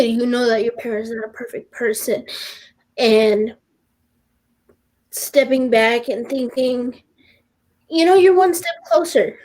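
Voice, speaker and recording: Emotional teen girl, fairly high voice. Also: a little mellow. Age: teens. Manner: earnest, halting, with many restarts; openly emotional. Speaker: teen podcast guest. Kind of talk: personal podcast conversation.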